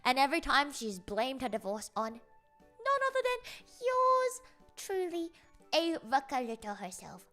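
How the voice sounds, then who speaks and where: A woman's voice: high-pitched, huge pitch swings, unhurried, bright, forceful tone, faint music behind. A young woman chatting casually as a streamer, rambling through a story with lots of fillers and giggles.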